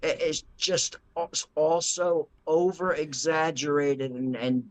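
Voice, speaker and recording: Slow-talking, crude woman co-host. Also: low voice, steady tone. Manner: slow, drawn-out, crude and cutting. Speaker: podcast co-host. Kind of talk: casual profane chat.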